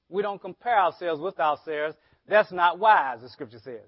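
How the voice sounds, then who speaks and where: A man's voice: high-pitched, animated, moderate pace, no echo. A man preaching a sermon as pastor, often asking the congregation rhetorical questions. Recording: dull lo-fi sermon audio.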